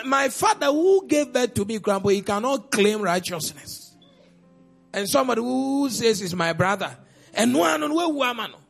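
High gravelly preacher man. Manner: preaching with rhetorical questions and sudden loud outbursts. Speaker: pastor. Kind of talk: sermon.

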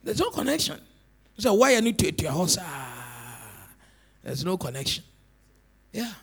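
A man preaching a sermon as pastor, animated and repetitive, swinging between shouts and low murmurs. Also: unhurried, vocal fry, breathy edge. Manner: repeats words for emphasis.

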